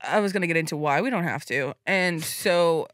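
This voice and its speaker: Giggly young woman with a bright voice. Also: fairly low pitch, moderate pace, no room sound, studio quality. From Irish family. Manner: giggly, rambling, crude jokes. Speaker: podcast guest. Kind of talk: casual chat.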